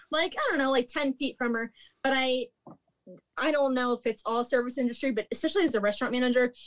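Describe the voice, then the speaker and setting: A young woman, a former restaurant manager, telling work stories in casual chat, bluntly, swearing and laughing often. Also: fairly high pitch. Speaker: podcast guest, recruiter and former restaurant manager.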